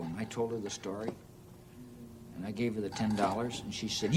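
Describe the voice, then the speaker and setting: A man telling a comic anecdote on stage in an unhurried, halting way with plenty of "uh"s. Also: fairly low pitch, animated, noisy background. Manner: unhurried, halting delivery with many "uh"s. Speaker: stand-up storyteller. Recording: live audience laughter and band music.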